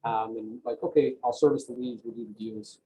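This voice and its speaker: A man's voice: medium pitch, steady tone, a little fast, mellow, slight background noise, poor audio. A man giving an emphatic, motivational coaching talk on a video call, often checking in with "right?". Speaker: real estate coach, guest on a video call.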